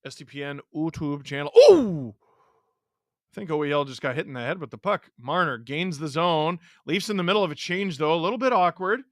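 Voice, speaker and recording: A man hosts a live hockey watch-along, calling each play as it happens. His voice is bright and a touch high. He swings from sudden shouts to low muttered asides. The sound is close and dry. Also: fairly quick, dry recording. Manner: excitable, jumps between shouting and muttering. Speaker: host.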